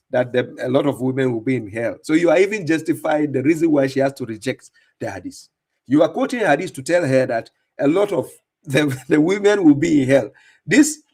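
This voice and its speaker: A man's voice: fairly high pitch, darkish tone. Mocking man hosting a live stream. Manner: mocking, insistent repetition. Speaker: livestream host reacting to clips. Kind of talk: live commentary addressing viewers.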